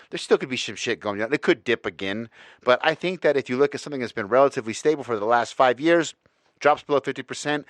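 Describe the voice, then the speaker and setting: Profane rambling podcast host. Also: male voice, medium pitch, fairly bright tone, no echo, studio quality. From Florida, USA. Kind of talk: casual monologue.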